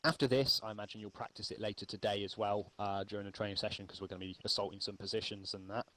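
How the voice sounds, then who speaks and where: Low-voiced man teaching casually. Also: fast, low-quality recording. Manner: relaxed, rambling, frequent ums. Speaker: milsim infantry instructor. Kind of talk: casual spoken lesson.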